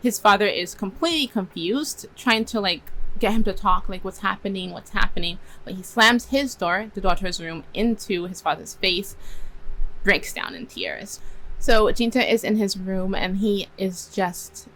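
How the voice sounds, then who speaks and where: A woman's voice: medium pitch, animated, unhurried, a bit bright, poor audio. A young woman casually retelling and reworking story scenes, chatty and laughing often as she acts out bits of dialogue. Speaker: story reviewer.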